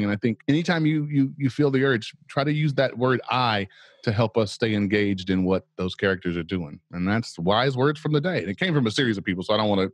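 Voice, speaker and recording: A man's voice: medium pitch, no echo. A man from Oklahoma hosting a tabletop game podcast as dungeon master, chatty and upbeat, laughing often. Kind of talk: podcast intro and announcements.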